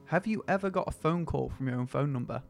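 A man co-hosting a casual podcast, playful and quick with a joke. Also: on the high side, vocal fry, soft background music. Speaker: podcast co-host.

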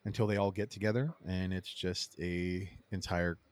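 A man co-hosting a podcast, rambling through animated stories and acting out what people said. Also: low voice, moderate pace, no room sound. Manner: rambling, animated storyteller who acts out quotes. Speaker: podcast co-host. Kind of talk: casual chat.

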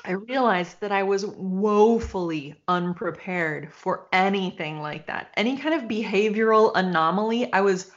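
A woman co-hosting a casual talk show, telling a story in an animated, expressive way. She swears freely and acts out the voices of the people she quotes. The recording sounds a little dull and lo-fi. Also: medium pitch, measured pace, hardly any pauses. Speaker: podcast co-host.

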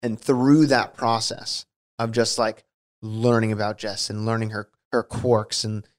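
A man's voice: fairly low pitch, level tone, a little slow. Rambling, goofy young man in a casual chat. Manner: rambling, goofy, laughs a lot. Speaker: podcast co-host.

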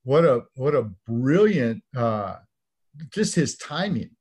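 Man, interview host, halting questions, enthusiastic, restarts phrases. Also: medium pitch, very animated, darkish tone, slightly rough.

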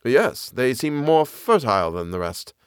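Man voicing inquisitive gentleman companion, middle-pitched, lively questions, dry sound. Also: a little slow, clear, resonant tone, no echo. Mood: curious. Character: curious, wary gentleman companion on a walk.

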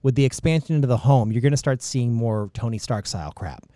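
A man co-hosting a podcast in loose, rambling banter, often trailing off mid-sentence. His voice is warm and mellow, recorded dry and close with no room sound. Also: medium pitch, fast, dry recording. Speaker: podcast co-host.

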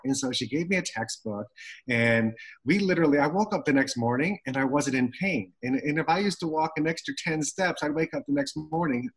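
A middle-aged man telling a personal story in conversation, animated and acting out the voices of the people he quotes. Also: on the high side, brisk, husky, low-quality recording. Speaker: guest telling his story.

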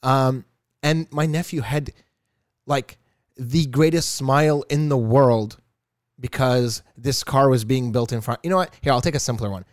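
A man's voice: mid-range voice, unhurried, no echo, clean studio sound. A man co-hosting a podcast, telling stories in an easygoing, somewhat hesitant way with fillers. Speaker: podcast co-host. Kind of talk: casual chat.

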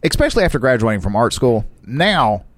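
Man with a very animated pitch. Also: fairly quick, no echo. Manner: chatty, laughs easily. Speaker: podcast co-host. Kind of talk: casual chat reading news.

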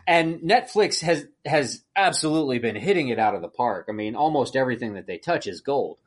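A man co-hosting a podcast in casual chat, ranting with animated exasperation and acting out outbursts. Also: medium pitch, a little fast. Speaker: podcast co-host.

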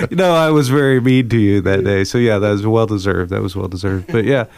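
A man's voice: fairly low pitch, a little mellow. A man co-hosting a casual faith podcast, talking in an easygoing, joking way. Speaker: podcast co-host.

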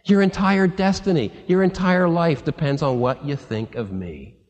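A man preaching a sermon in a church, animated, acting out quotes as he goes. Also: a little high, normal speed, highs cut off. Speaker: pastor. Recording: long reverb of a church hall.

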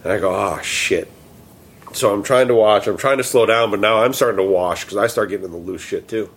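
A man casually telling a story, animated and quoting himself and his friends. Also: fairly low pitch, fast talker, husky.

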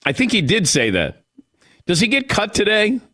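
Male sports radio host, lively swinging delivery, chatty. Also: high voice, normal speed, no room sound, studio quality. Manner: animated, mimics players with mock voices. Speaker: sports talk show host.

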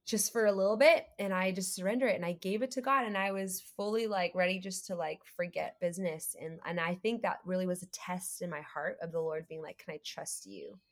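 Female guest, lowish voice, animated storyteller who acts out quotes. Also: brisk, hardly any pauses. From United States. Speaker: guest, creative entrepreneur. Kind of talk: faith podcast conversation.

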